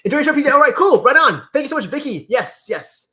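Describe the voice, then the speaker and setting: A man hosting a casual livestream, reading chat comments with lively exclamations and repeated words. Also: extremely high pitch, fast. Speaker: livestream host.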